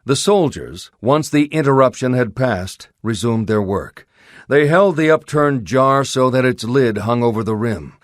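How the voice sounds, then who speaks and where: Male narrator, pulp adventure audiobook, steady, dramatic, dry close studio sound. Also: mid-range voice, a little slow, no echo.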